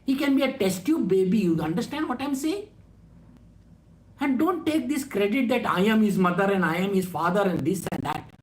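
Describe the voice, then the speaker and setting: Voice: medium pitch, expressive, normal speed, echoey room. A spiritual teacher giving a scripture talk in a blunt, scolding way, full of rhetorical questions.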